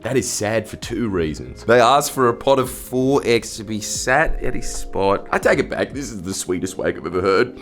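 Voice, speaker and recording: An Australian man with a fairly low voice reads stories aloud and cracks sarcastic jokes about them. He often jumps into shrill, loud exclamations. Faint music plays beneath him. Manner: sarcastic, jokey, swings into loud squeaky outbursts. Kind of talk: reading and reacting to stories, casual commentary.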